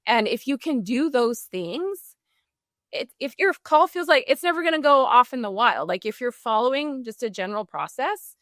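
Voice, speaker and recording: A woman speaking as a customer service trainer in a podcast interview, animated and full of "like" and "right?". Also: a little high, normal speed, no room sound, clean studio sound.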